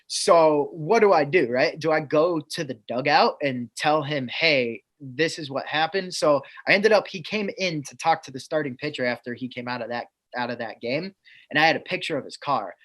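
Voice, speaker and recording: A man's voice: a little high, normal speed, fairly bright tone. A man telling a funny work story on a podcast in a casual, chatty way. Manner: chatty anecdotal, laughs through stories. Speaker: team staff member telling stories.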